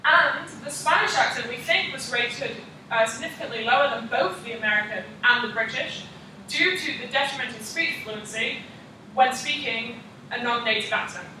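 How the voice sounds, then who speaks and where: Bright young woman presenting in echoey room. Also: on the high side, moderate pace, a little hiss or hum. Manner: reads prepared slides, frequent ums. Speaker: student presenter. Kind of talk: class presentation practice. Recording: echoey room, mic far off.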